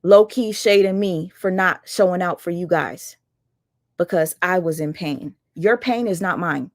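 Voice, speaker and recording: A woman's voice: fairly low pitch, a little slow, no room sound, clean studio sound. A woman hosting her livestream, calling someone out in a blunt, sarcastic, fired-up casual rant. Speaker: livestream host.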